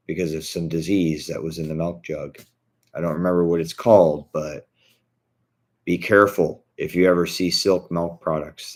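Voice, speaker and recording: A man with a very deep voice rants casually to his viewers. He speaks bluntly and indignantly, swearing freely. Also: darkish tone. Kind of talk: casual vlog rant.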